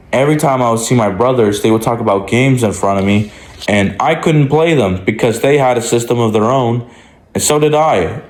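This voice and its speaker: A man's voice: medium pitch, a little mellow. A man vlogger telling a casual story, rambling with lots of "like" and restarts. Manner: rambling, many likes and restarts. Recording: roomy echo.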